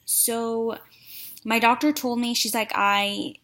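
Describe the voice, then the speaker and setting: A woman's voice: medium pitch, unhurried, a bit bright. A woman vlogging a frank personal story in a chatty, casual way, with many fillers. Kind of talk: candid personal vlog storytelling.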